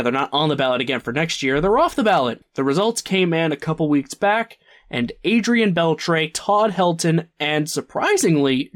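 A young man co-hosting a casual sports podcast, joking and laughing at his own lines. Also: a little high. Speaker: podcast co-host.

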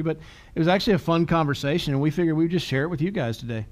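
A middle-aged man with a fairly high voice, co-hosting a casual podcast. He tells stories at his own expense and laughs often as he goes. His talk is loose and conversational. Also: racing. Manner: self-deprecating storyteller, laughs often. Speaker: podcast co-host.

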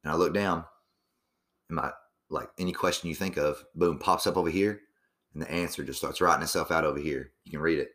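A man's voice: low-pitched, fairly quick, a bit bright. A young man musing in a loose, profane monologue, full of fillers and restarts. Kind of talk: casual rambling monologue.

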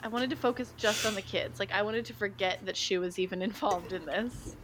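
A woman's voice: medium pitch, brisk. A woman co-hosting a podcast in casual chat, talking loosely with many fillers. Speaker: podcast co-host. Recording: clear background hiss.

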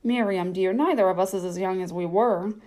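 A woman's voice: mid-range voice, a little fast, dark tone, lightly acted. A woman voicing a fussy, theatrical elderly retired actress in a storybook, with a gushing manner.

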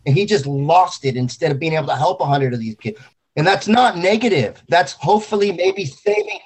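A man's voice: on the high side, big pitch swings, brisk, breathy edge. Grieving, swearing man in casual talk. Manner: grieving, swearing, intense and rambling.

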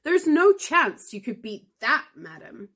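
A woman reading aloud and voicing a nervous, pompous male card sharp who is snappish and falsely polite. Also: mid-range voice, sing-song, a little slow, pitched above the performer's own voice. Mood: flustered.

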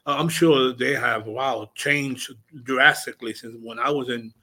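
Male radio host, Spanish his first language, bright voice, hesitant with many restarts. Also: medium pitch, measured pace. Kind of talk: casual radio conversation.

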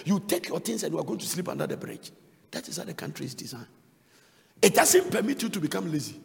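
A male pastor preaching an impassioned sermon that swings from loud cries to low asides. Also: very animated, fast talker, vocal fry. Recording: long reverb of a large hall.

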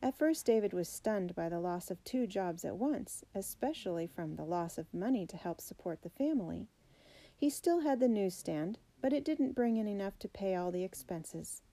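A woman reading a children's biography aloud in a steady, clear storybook narration. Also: mid-range voice, normal speed, no echo, poor audio. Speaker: audiobook reader.

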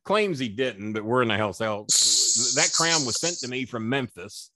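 A man's voice: mid-range voice, a little slow. A man, a former wrestling manager, telling stories as a podcast guest, cursing freely and acting out what other people said. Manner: profane, animated storyteller who acts out quoted people. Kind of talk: storytelling in a podcast interview.

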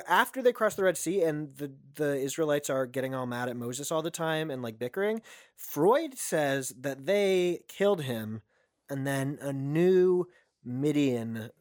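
A man's voice: mid-range voice, a little mellow, dry recording, clean studio sound. A man co-hosting a casual podcast, jokey and rambling. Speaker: podcast co-host. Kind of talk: casual comedic discussion.

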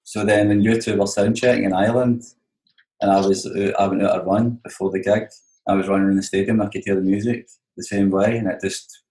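A Scottish man with a lowish voice tells rambling, sweary stories as a touring musician, leaning on "you know what I mean" again and again. He speaks in a roomy space that gives his voice a clear echo. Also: little pitch movement, a little fast, a little mellow. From Scotland. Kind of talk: casual storytelling chat.

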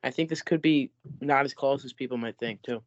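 A man's voice: mid-range voice, fairly quick, no echo, muffled recording. A man who is a guest on a casual sports podcast and argues his pick point by point.

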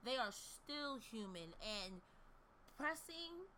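A woman in casual talk, making measured, emphatic points. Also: fairly high pitch, very animated, pushed and bright, slight background noise. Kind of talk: casual chat.

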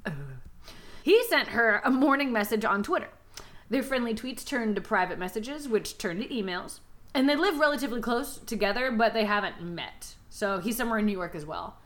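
A woman's voice: a little high, expressive, a little fast, fairly bright tone. A woman co-hosting a podcast, summarising a story and joking bluntly with profanity. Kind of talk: casual chat.

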